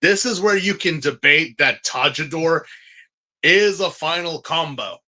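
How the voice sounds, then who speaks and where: Bright-voiced excitable man chatting. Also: a little high, unhurried. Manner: excitable, rambling with many restarts and fillers. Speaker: podcast co-host. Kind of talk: casual fan chat.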